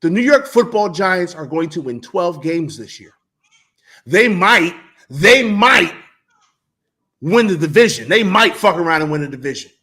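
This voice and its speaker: Man, sports talk co-host, high bright voice, emphatic and profane, repeats himself. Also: sing-song, a little slow. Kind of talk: heated casual sports debate.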